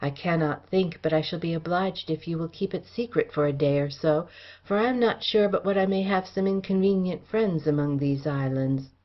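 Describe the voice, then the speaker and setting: A woman reading the part of a smooth, guarded young gentleman heir in an audiobook, with courteous, old-fashioned speech. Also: on the low side, normal speed, lo-fi sound, natural voice.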